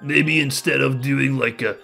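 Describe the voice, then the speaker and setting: A man's voice: medium pitch, fairly even intonation, measured pace, gravelly, bright, forceful tone, soft background music. A man casually commenting while playing through a video game, rambling and joking as he goes. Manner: chatty, rambling, jokey. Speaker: let's play host.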